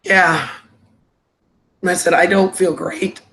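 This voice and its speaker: A woman's voice: fairly low pitch, fairly even intonation, slow pace, fairly bright tone. A woman hosting a casual live stream, congested and sniffly with a cough, greeting viewers with endearments over a laptop microphone.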